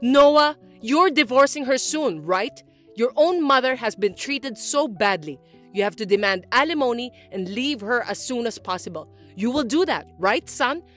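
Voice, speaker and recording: A woman voicing a spiteful middle-aged mother-in-law who scolds and complains loudly in an animated text story. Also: fairly high pitch, moderate pace, soft background music. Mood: complaining. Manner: accusing, loud, whiny.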